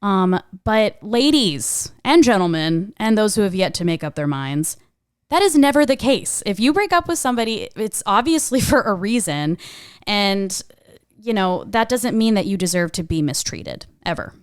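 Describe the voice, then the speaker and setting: Young adult woman, casual podcast co-host, lively and blunt as she tells her story; even middle pitch, dry studio sound. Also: moderate pace, clean tone, no echo. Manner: animated, frank, swears and laughs while telling a story.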